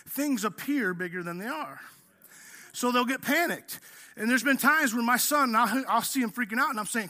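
Male pastor, 30s, high and very bright voice, animated preaching that jumps up for quoted lines. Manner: animated, acts out quotes with rising pitch and shouts. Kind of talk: sermon.

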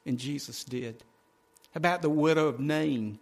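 Folksy preacher man, slightly high voice. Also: big pitch swings, moderate pace, husky. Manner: dramatic, swinging from loud to hushed; folksy, addresses congregation directly. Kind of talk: sermon.

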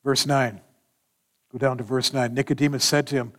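A man preaching a sermon in an animated manner, acting out scripture dialogue as he explains verses. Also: medium pitch, normal speed. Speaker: pastor.

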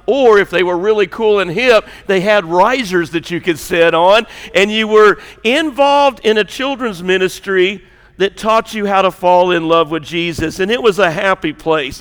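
A man's voice: sits high, fairly bright tone, clear, resonant tone. A man who is a lead pastor, preaching a sermon, joking and conversational with rising emphasis. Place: church auditorium. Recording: long hall reverb.

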